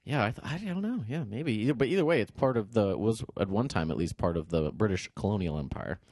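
Homem brincalhão de voz bem expressiva. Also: male voice, on the low side, fast talker, husky, no room sound, studio quality. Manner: jokey, playing a wrestler character with deadpan asides. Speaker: podcast co-host. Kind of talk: casual chat.

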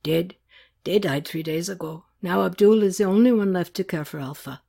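A woman reading a novel aloud, voicing a soft-spoken male aid worker who talks in a formal, grave way. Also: on the low side, normal speed, vocal fry. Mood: somber. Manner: quiet, plain and formal.

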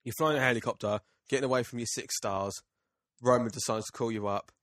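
A young man cohosting a casual podcast chat, rambling and halting, with casual swearing. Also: medium pitch, steady tone, a bit bright. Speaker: podcast co-host.

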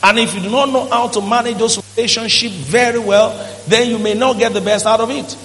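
A man's voice: very high-pitched, fairly even intonation, a little fast, fairly bright tone, slight background noise. A male pastor, preaching emphatically and acting out quoted voices in a church hall. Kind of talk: sermon.

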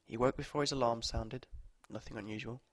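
A man reads short stories aloud in a mid-range voice, measured and steady. The recording is close and dry, with no room echo. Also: medium pitch. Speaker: narrator.

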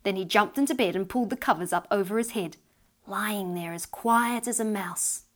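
A woman narrating a storybook tale aloud in a lively, expressive reading voice. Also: medium pitch, moderate pace.

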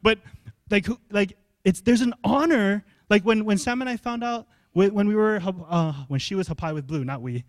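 High-voiced pastor preaching conversationally. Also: male voice, moderate pace, dry recording, studio quality. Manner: conversational, animated, asks the congregation questions. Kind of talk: sermon.

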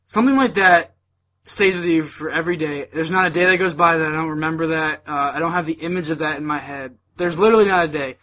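Young male podcast host, slightly high, bright tone, halting and emotional delivery. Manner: earnest, halting, many fillers. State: emotional, holding back tears. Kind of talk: casual chat.

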